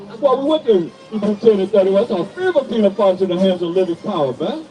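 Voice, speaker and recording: A man's voice: high voice, expressive, quick pace, few pauses, warm tone, recorded from a distance, soft background music, low-quality recording. A man preaching a sermon and calling out to people around him, reading scripture and challenging listeners. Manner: preaching to passersby, calling out to the crowd. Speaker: street preacher.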